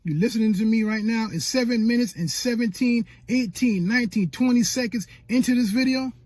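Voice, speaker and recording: A man's voice: extremely high pitch, fairly quick, darkish tone, dry recording. A man coaching new YouTubers in an emphatic, preacher-like motivational talk, repeating his points and acting out people's inner doubts.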